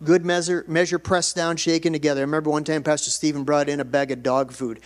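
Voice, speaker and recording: A man pastor preaching a sermon, moving between conversational asides and bursts of emphatic delivery. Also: a little high.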